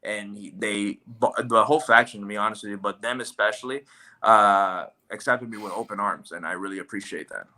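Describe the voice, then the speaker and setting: A man's voice: on the low side, a little fast. A man chatting as a podcast guest, telling a story with lots of acted-out quotes. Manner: animated storyteller, acts out quotes. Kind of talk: casual podcast chat.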